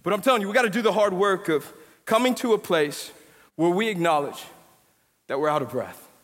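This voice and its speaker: A young male pastor with a very high voice preaches in a church sanctuary, with his words trailing into a long hall reverb. He tells stories in relaxed slang, then drives his points home with emphatic, animated preaching. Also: a little fast. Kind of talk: sermon.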